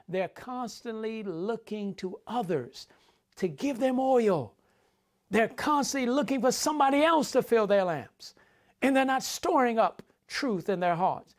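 A preacher giving a sermon, repeating key phrases for emphasis and speaking directly to the congregation. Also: medium pitch.

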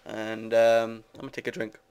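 A man's voice: on the low side, completely flat delivery, moderate pace, a little mellow, a little hiss or hum. A young British man giving casual, rambling commentary while playing a building game, joking with his viewers. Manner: rambling, self-mocking, chatty with viewers. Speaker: gamer. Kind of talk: casual Let's Play commentary.

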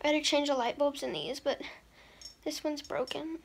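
A high-voiced young woman with a drawl chats to her phone camera in a loose, rambling vlog. She sounds tired and keeps hiccuping between thoughts. A faint hum of room noise sits under her voice. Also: fairly even intonation, normal speed, creaky. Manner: chatty, scattered, says she is tired. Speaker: vlogger. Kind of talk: casual vlog chat to camera.

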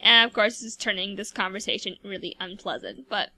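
A woman's voice: medium pitch, brisk, pushed and bright, dry recording. A woman giving casual, rambling commentary over a life-sim game, chatty and full of fillers. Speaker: gameplay video host.

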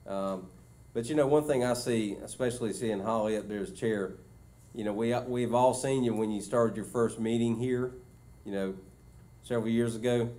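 A man's voice: medium pitch, steady tone, moderate pace, warm tone. A man, a school superintendent giving his report at a board meeting in a casual, filler-heavy way. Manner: conversational, many fillers and restarts. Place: meeting room.

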